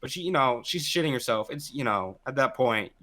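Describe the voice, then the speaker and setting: A man's voice: medium pitch, expressive, brisk, pushed and bright. A man co-hosting a casual podcast, telling work stories in a rambling way, swearing often and restarting his sentences. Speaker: podcast co-host. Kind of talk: casual chat.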